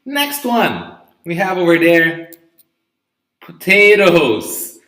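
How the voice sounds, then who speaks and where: A male English teacher speaks with great slowness in a bright, forceful voice, drilling each word's pronunciation and checking in with "okay?" and "right?". The sound is roomy, with a clear echo around him. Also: mid-range voice, animated. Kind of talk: live online vocabulary lesson.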